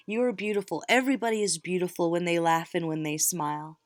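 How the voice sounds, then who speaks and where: A middle-aged tarot reader with a lowish, steady voice talks fast, giving her viewers a warm, encouraging pep talk in a casual, direct way as she reads the cards. The audio is studio quality with no echo.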